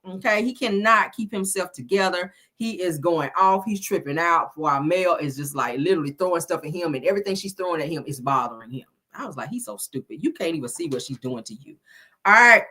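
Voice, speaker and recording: A middle-aged woman talks through a reality show recap in a sassy, chatty way. Her voice sits fairly low and sounds a little stuffy from a cold. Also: sharp tone. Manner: chatty, sassy, says "child" and "y'all" a lot. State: slightly congested from a cold. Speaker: reality TV review host. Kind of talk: casual recap commentary.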